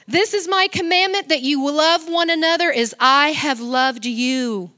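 A middle-aged woman delivers a sermon in a church, reading scripture as she goes. Her voice is bright and forceful and sits a little high, and she takes her words slowly. She moves between loud exclamations and hushed, near-whispered lines, talking fondly and directly to the people in front of her. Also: in a large hall. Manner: affectionate, speaks straight to the congregation. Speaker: preacher.

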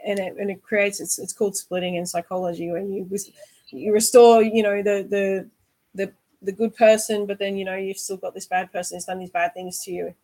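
A woman's voice: medium pitch, flat delivery, a little fast, mellow, poor audio. A woman hosting a candid conversation, earnest and reflective, often asking "right?". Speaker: host.

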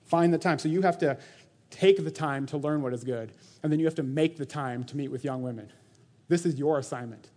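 A man in his thirties delivers a sermon, his voice sitting slightly high for a man. He exhorts his listeners with earnest urgency. He breaks into short mocking impressions when quoting others. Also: a little fast, warm tone. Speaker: pastor.

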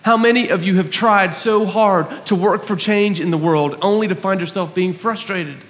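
A man with a high, light voice preaches an earnest sermon from the front of a church. His words ring out with a long reverb trailing behind them. He slips easily into self-mocking stories. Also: normal speed, fairly bright tone. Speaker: pastor. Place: church hall.

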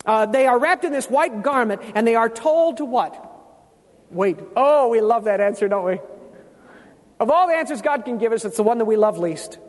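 A man with a strikingly high voice preaches a sermon, stopping often to quiz his congregation with questions. He repeats key words slowly to stress them. His voice carries a long reverb, as if it fills a big church sanctuary. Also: lively intonation. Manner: teaching, quizzes the congregation with questions.

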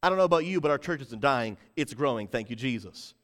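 A man preaching to a livestream church audience, building hype and calling on the chat to respond, swinging from loud bursts to low, intent emphasis. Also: animated, quick pace, long reverb tail. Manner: rises to shouting in bursts, drops low to stress points. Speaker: pastor.

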